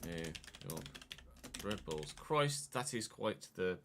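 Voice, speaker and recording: A man's voice: low voice, very animated, takes it slowly, noisy background. A man chatting casually on a live stream, muttering asides to himself and to chat.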